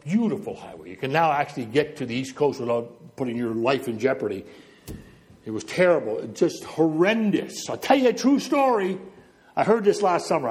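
A man's voice: medium pitch, a little mellow. A middle-aged male preacher from New Brunswick, Canada, giving a sermon and telling stories while walking back and forth and illustrating with gestures.

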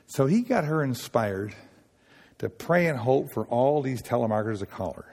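A man from Nova Scotia with a Nova Scotian accent, giving a folksy talk at a chapel, halting and full of restarts as he tells stories. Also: mid-range voice, very animated, creaky, a little mellow, long reverb tail. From Nova Scotia, Canada. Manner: homespun, halting, with many restarts and acted-out dialogue. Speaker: sailors' gospel worker speaking at a chapel.

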